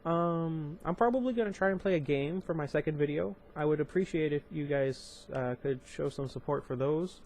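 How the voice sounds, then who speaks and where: A man's voice: fairly high pitch, moderate pace, hardly any pauses, a little mellow, slight background noise. A young man reading a novel aloud on his channel, breaking off into casual, chatty asides with fillers and restarts. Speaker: audiobook reader and channel host. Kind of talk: amateur book reading with commentary.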